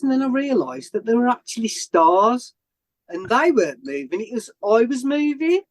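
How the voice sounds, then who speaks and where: A man's voice: very high-pitched, very animated, moderate pace. Man rambling through a story. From England. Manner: rambling, with many fillers and restarts. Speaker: interview guest. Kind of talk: casual storytelling.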